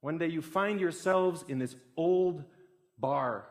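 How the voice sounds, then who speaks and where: A young man giving a public talk, telling a story with growing excitement. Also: fairly high pitch, takes it slowly. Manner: animated, builds excitement through a story.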